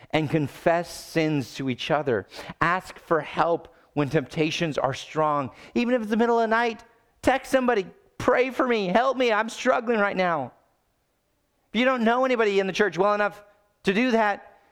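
A male pastor preaching a sermon, swinging between loud urgent pleading and low, quiet emphasis. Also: normal speed, smooth.

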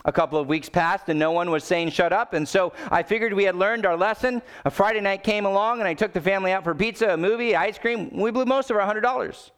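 Preaching man, fairly high voice. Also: fast talker, few pauses, clear, resonant tone. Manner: swings between loud urgent pleading and low quiet emphasis. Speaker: pastor. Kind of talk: sermon.

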